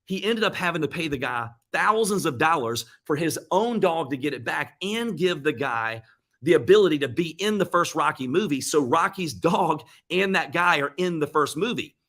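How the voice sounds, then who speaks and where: An earnest man gives a motivational talk, slightly higher-pitched than most men. He retells comeback stories in quick bursts, often restarting his sentences. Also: lively intonation, fairly bright tone. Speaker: motivational speaker.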